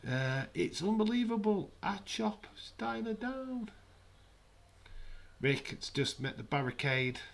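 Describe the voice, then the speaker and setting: A man giving jokey, casual commentary on a live watch-along stream from his flat. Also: high voice, takes it slowly, gravelly. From United Kingdom. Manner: jokey, banters with chat. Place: home, in a flat.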